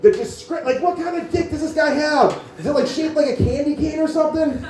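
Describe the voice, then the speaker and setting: A man's voice: very high voice, a little fast, a little mellow, soft background music. A man doing a rambling, profane stand-up comedy set in a small cafe venue, full of filler words. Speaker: stand-up comic. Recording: echoey room, mic from far off.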